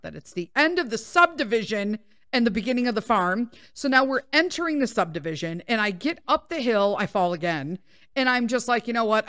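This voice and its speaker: A woman podcast host telling a story in casual chat, animated and full of swearing. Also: medium pitch, no room sound, studio quality. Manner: profane, animated, laughing.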